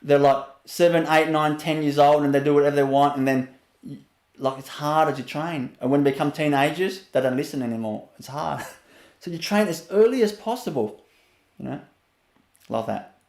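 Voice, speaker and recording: A man giving a spiritual webinar talk, laughing often between phrases and sinking to a soft low voice to show calm. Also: normal speed, reverberant. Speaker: spiritual teacher.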